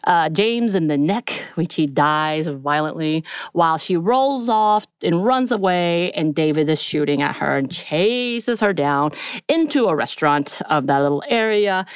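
Young woman podcast co-host recounting scenes and voicing the characters' lines; low, smooth voice, dry close sound. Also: no echo. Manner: retells scenes, acting out character quotes. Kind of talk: casual episode recap.

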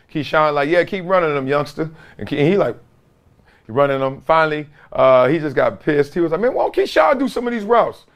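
A man in his forties hosts a casual sports talk show, his fairly high voice swooping through a very lively range. He tells stories in an emphatic, slangy way and breaks into laughter often. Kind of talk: casual sports commentary with storytelling.

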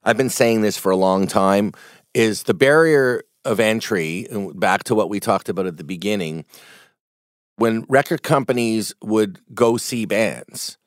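A middle-aged man from Canada, a music manager being interviewed, explaining his view at a measured pace with examples. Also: lowish voice, dry recording. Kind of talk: conversational interview.

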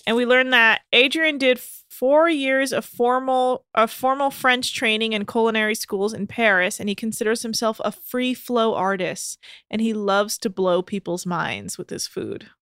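Bright-voiced woman podcast co-host. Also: on the high side, measured pace, clean tone, dry recording, clean studio sound. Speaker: podcast co-host recapping a reality show. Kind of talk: casual recap chat.

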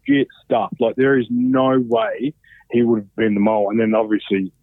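A man's voice: lowish voice, steady tone, normal speed, no room sound. Man, Australian accent, thirties, sweary rambling storyteller, dry close sound, narrow phone-like audio. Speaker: podcast guest. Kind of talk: casual chat.

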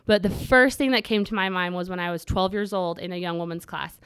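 A woman's voice: on the low side, fairly even intonation, a little fast, a bit bright, clear, resonant tone, no room sound. A woman guest on an interview podcast telling a personal story in detail. She acts out her own past thoughts and mixes earnestness with touches of humor.

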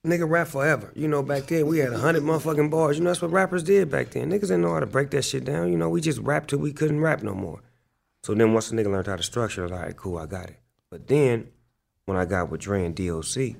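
The rapper's voice is medium-pitched and gravelly as he tells stories in a casual interview. He speaks loosely and profanely, with plenty of fillers and repeated "like."

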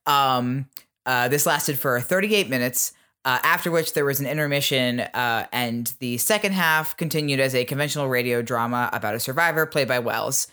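A man hosting a podcast who tells a history story in loose, chatty fashion, filling pauses with ums. His voice sits at a middling pitch. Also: pushed and bright, clear, resonant tone. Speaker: podcast host. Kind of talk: casual storytelling chat.

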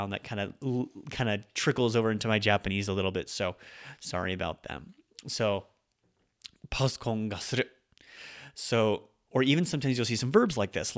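Chatty man teaching Japanese words. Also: fairly low pitch. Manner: relaxed, chatty, with fillers and self-corrections. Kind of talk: casual spoken language lesson.

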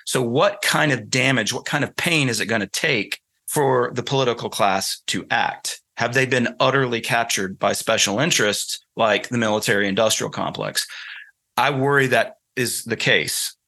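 Southern man from North Carolina, bright clear voice, thoughtful explainer, good for interview guest reads. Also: medium pitch, normal speed. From North Carolina, USA. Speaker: guest author. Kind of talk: conversational interview.

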